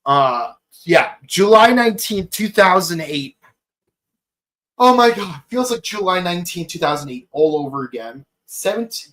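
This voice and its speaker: A man in his thirties hosting a podcast, gushing through an excited solo review with many fillers and exclamations. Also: on the high side. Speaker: podcast host reviewing an episode.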